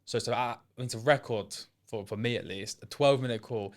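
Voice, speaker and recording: A young man from England, formerly an apprentice and now working as a sales setter, responds to interview questions at a moderate pace in a medium-pitched voice. He comes across casual and unsure, often trailing off and restarting.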